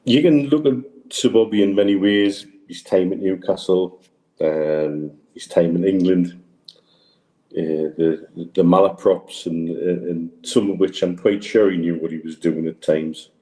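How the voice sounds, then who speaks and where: A man with a very low, dark, mellow voice speaks thoughtfully as a podcast panelist. His talk is measured, and the room around him sounds echoey.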